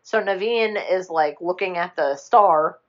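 Woman co-host, lowish voice, rambling animated plot recap, muffled lo-fi recording. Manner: rambling, animated retelling with quick put-on character voices and swearing. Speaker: podcast co-host retelling a film. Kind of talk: casual chat.

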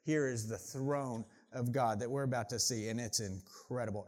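A man's voice: medium pitch, normal speed, hardly any pauses. A man preaching a sermon, reading scripture aloud with rising force and dropping into casual asides to the congregation. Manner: animated, builds volume and pace when reading scripture aloud. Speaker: pastor.

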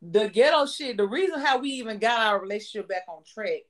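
A woman's voice: on the high side, lively intonation, a little fast. A woman co-hosting a podcast, chiming in with emphatic, profane stories in casual chat. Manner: emphatic, profane, interjects often. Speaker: podcast co-host.

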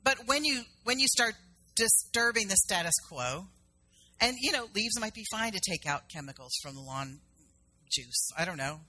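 Bright-voiced woman preaching conversationally. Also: mid-range voice, expressive, normal speed. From South Carolina. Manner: conversational storytelling preacher, acts out dialogue. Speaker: minister. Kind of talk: sermon.

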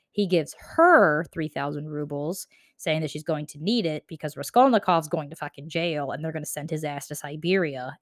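A woman's voice: sits low, no room sound, studio quality. A young woman casually summarizing a novel, chatty and profane, with lots of "like.". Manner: chatty, profane, says "like" often. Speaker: book explainer.

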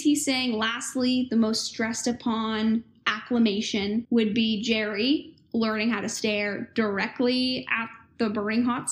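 A woman's voice: fairly high pitch, reverberant. A young woman casually explaining a text in a playful, chatty way. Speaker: student presenter.

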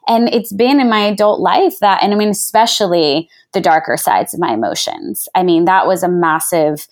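A woman's voice: fairly low pitch, lively intonation, normal speed. A woman in her thirties, a parenting coach, talking earnestly and from the heart in a reflective podcast conversation, full of "you know" and "like.".

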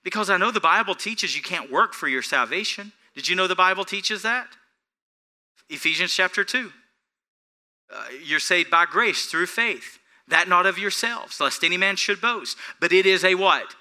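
A man preaching a sermon to his congregation, asking them questions as he goes. His voice is bright, sharp and rather high for a man. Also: animated, normal speed. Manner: preaching without notes, asks the congregation questions. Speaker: pastor.

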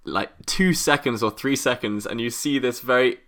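A man's voice: medium pitch, normal speed, a bit bright. A British man co-hosting a podcast, telling stories in a rambling, chuckling way. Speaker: podcast co-host. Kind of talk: casual chat.

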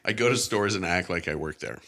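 A man's voice: sits low, brisk, a bit bright. A man in his forties with a Canadian accent, a comedian guest chatting casually on a podcast, laughing often and rambling. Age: 40s. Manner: laid-back, laughs often, rambling restarts.

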